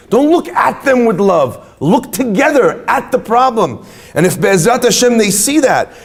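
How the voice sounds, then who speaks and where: A man giving an inspirational talk to an audience, telling stories and joking with the crowd. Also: high voice. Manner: animated storyteller, jokes with the crowd. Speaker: speaker at a retreat.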